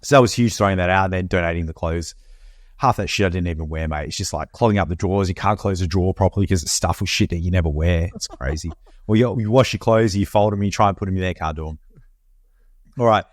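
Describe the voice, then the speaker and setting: This is an Australian man in casual podcast chat. His voice sits a bit low. He sounds laid-back and swears freely. The sound is dry and close. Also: quick pace, dry recording. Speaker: podcast co-host. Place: home, Perth.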